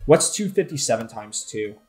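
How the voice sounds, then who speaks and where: Excitable swearing gamer man. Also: medium pitch, moderate pace, faint music behind. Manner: excitable, swears often, loud frustrated outbursts. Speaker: gaming YouTuber. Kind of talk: playing and commentating a competitive video game match.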